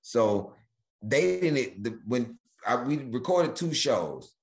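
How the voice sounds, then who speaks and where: A man, a guest comedian, telling stories in casual chat, animated and riffing. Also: mid-range voice, takes it slowly. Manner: animated, riffing, jumps into bits.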